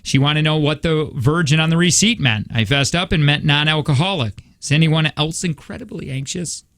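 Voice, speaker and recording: Chatty male radio host, fairly high. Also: a little fast, fairly bright tone. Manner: chatty, reads a story aloud with asides. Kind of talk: morning radio banter and story reading.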